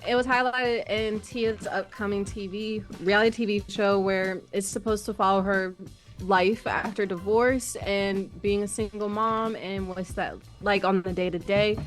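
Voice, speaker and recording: An easygoing woman co-hosts a podcast, chatting casually in a mid-range voice. Faint music plays underneath. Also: mid-range voice. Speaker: podcast co-host.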